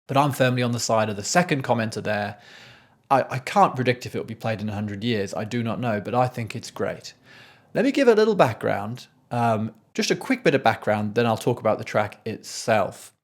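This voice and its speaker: A man's voice: mid-range voice, very animated, brisk. Man, composer, casual music analysis, thoughtful, restarts often, sings rhythms. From Scotland.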